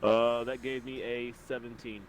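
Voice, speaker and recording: A young man chats through a tabletop game session, joking and laughing as he plays. His voice is mid-pitched over a faint hiss of noise. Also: little pitch movement, normal speed, rough recording. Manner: joking, crude, laughs often. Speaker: player. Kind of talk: casual game chat.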